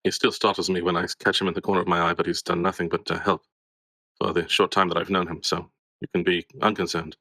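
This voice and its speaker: A man speaks in character in a tabletop game, calm and reassuring. His voice is very deep with a bright, forceful edge. The sound is dry. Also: fast talker, no room sound, rough recording. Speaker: player.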